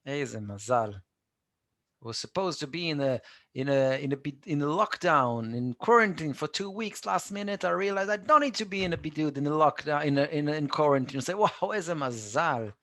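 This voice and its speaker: Male tutor, patient drilling style, gravelly tone, dead-dry room. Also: fairly high pitch, lively intonation, brisk, a bit bright. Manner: patient, repeats phrases for students to echo. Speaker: Hebrew teacher. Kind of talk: live online language lesson.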